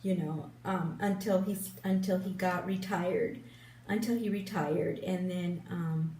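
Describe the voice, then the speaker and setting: A woman in her fifties chats slowly and unhurriedly as she gets ready, rambling with plenty of ums and restarts. She sits a bit back from the camera in a room with a roomy echo. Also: fairly low pitch, fairly even intonation, warm tone, distant mic, slight background noise. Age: 50s. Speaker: beauty vlogger. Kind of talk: casual get-ready-with-me chat. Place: room at home in front of a big lit mirror. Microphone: camera a little way off, turned sideways.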